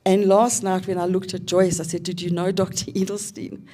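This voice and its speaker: As an invited seminar speaker, a South African woman in her fifties offers a reflective personal testimony marked by pauses and fillers. She speaks in a low, level and dark voice.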